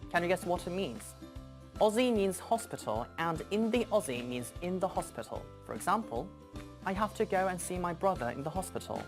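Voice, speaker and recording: A man explains dialect words in a vlog, clearly and patiently. Soft music plays behind him. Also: sits high, animated, brisk. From South Korea. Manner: clear, teacherly, repeats examples.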